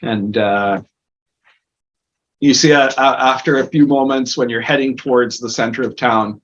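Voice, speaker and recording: A man's voice: medium pitch, steady tone, normal speed, fairly bright tone. A man narrating as game master of a tabletop game, rambling with many fillers. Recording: dull lo-fi recording.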